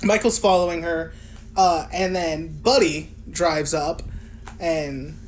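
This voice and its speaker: A woman's voice: deep voice, slow, a little hiss or hum. A woman co-hosting a casual film podcast, swearing freely and laughing as she recaps scenes. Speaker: podcast co-host.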